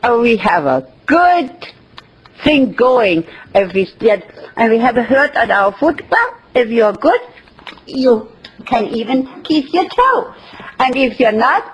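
A woman with a very husky, breathy voice gives an inspirational talk on loving yourself. She speaks slowly, with pauses and soft laughs. Her pitch sits a little high and rises and falls a great deal. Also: sing-song, dull audio. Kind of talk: inspirational self-love talk.

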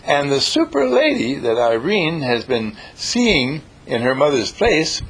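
Gravelly husky guy telling inspirational stories, voice jumps all over, hammers the same lines again and again. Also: on the high side, unhurried. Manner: animated, repetitive, emphatic storyteller. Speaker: speaker. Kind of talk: inspirational storytelling talk.

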